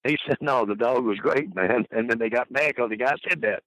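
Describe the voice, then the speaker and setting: A man's voice: mid-range voice, brisk, a bit bright, dry recording, rough recording. An older man telling colorful stories as an interview guest, folksy and rambling, laughing at his own tales. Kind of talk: rambling anecdotal storytelling.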